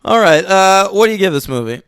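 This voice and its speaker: A man co-hosting a casual film review podcast, laughing often and swearing freely. His voice sits on the higher side and moves animatedly up and down. The sound is dry and close, with no room around it. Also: animated, fairly quick, fairly bright tone, clean tone, dry recording. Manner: laughs often, loose and profane. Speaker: podcast co-host.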